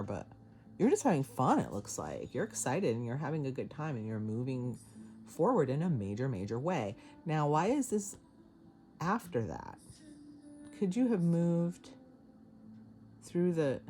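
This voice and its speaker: A woman giving a casual tarot reading to camera, chatty and excitable, laughing often and swearing casually. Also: low-pitched, a little hiss or hum. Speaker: tarot reader.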